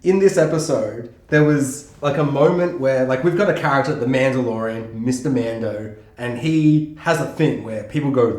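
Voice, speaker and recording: A man co-hosting a podcast in casual chat, excitable and swearing freely as he acts out lines. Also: mid-range voice, normal speed, hardly any pauses. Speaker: podcast co-host. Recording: echoey room.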